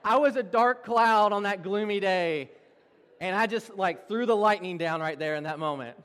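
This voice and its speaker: A young man preaches a sermon, mixing self-deprecating anecdotes with laughter and lively delivery. His voice sits a little high for a man. It rings out with a long reverb through a large church hall. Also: moderate pace. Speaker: pastor. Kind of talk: sermon with personal stories.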